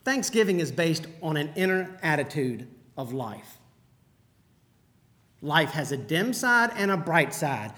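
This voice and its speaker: High-voiced male pastor, conversational sermon delivery. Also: very animated, a little slow, bright, forceful tone. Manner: storytelling, conversational preaching.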